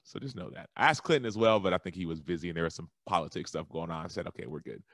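A man from Texas, a guest on a podcast, telling a lively story in a casual, animated way that jumps high when he quotes himself. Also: rapid-fire, no room sound, studio quality. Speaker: guest, former football linebacker and author.

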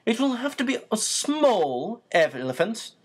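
A reader voicing a sardonic, authoritative male magician who teaches his young apprentice, speaking in a crisp, formal, dry manner, pitched up from the narration. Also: sing-song, a little slow. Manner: precise, formal, dry and commanding. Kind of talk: audiobook character voice.

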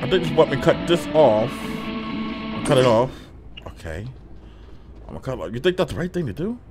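A young man commentating his own game play, excitable and swearing, shouting in panic at times. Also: mid-range voice, a little fast. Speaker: gaming streamer. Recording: game music behind. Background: game music.

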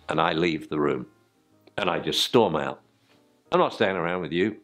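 A man's voice: deep voice, moderate pace, pauses often, a bit bright, faint music behind. An older man, teaching dog training informally and acting out yelps and spoken commands to dogs.

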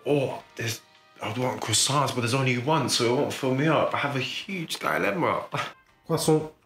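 A man's voice: mid-range voice, moderate pace, creaky, fairly bright tone. A man chatting casually in a vlog at home, with playful, joking self-commentary. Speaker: vlogger. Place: home kitchen. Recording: echoey kitchen with music.

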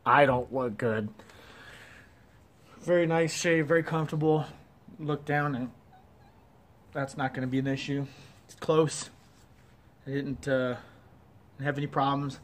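A man's voice: mid-range voice, fairly even intonation, measured pace, pauses often. A man with an Ohio accent, chatty and self-deprecating, doing a casual shaving review on his porch. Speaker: wet shaving YouTuber. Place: porch at home.

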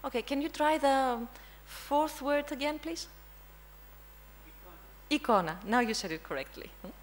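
Here the Greek language teacher sounds high and animated, talking at normal speed through poor audio. Presenting in a conference room with her Greek accent, she quizzes the audience and often asks "hmm?" to check in.

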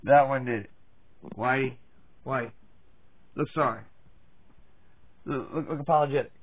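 Inside his home, a man with a breathy-edged, mid-range voice talks casually to his dogs while filming them. He speaks at a normal pace, teasing the pets and cursing without restraint, and the sound is tinny, as if from a phone.

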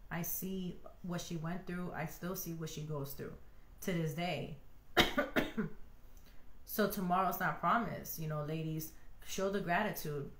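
A woman in her thirties giving casual, heartfelt marriage advice to other wives, animated and preachy, full of "like" and "you know". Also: fairly low pitch, echoey room. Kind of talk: casual heartfelt talk to viewers.

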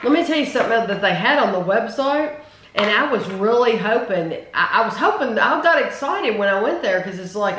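A woman with a slightly high, somewhat bright voice hosts a casual taste-test video for her channel, talking briskly and animatedly. She chats and rambles enthusiastically about candy flavors. The recording sounds roomy, with faint noise.

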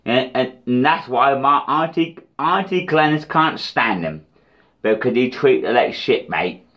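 A man's voice: medium pitch, animated, measured pace, highs cut off. A British man ranting in a rambling, profane, taunting diss vlog. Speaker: vlogger.

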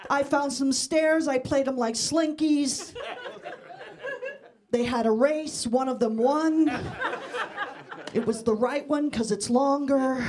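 A woman's voice: high-pitched, unhurried, a little mellow. A middle-aged woman from Mexico doing a bawdy stand-up set on stage with a handheld mic, talking straight to the audience. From Mexican-American. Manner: brash, bawdy, talks to the crowd. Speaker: stand-up comedian. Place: comedy club stage before a live audience. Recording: noisy live crowd. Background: audience laughter.

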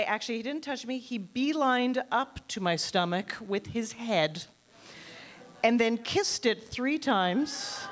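A woman in her thirties doing a stand-up comedy routine in a club, telling dry, self-deprecating stories and jumping up in pitch for quoted people. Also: a little hiss or hum. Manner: quick animated voices for quoted people.

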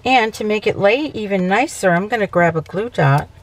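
With lively intonation and a mid-range voice at normal speed, a woman leads a casual papercraft demo. She chats, revises her own words, and checks in often with "okay."

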